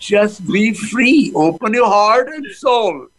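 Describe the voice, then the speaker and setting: A man's voice: high-pitched, animated, takes it slowly, fairly bright tone, poor audio. A man, a laughter yoga guest who talks with energy and breaks into laughing chants over a phone video call.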